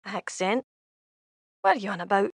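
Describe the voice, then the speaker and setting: An actress playing a blunt, sharp-tongued young female tiefling thief with a tail in game dialogue. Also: medium pitch, big pitch swings, normal speed, no room sound, clean studio sound. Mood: scornful.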